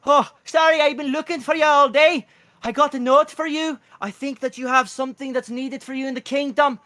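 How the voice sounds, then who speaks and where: A man voicing a small, excitable male mushroom man with a Welsh accent, loud and urgent. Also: a little fast, no room sound, studio quality. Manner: high-pitched, loud, urgent.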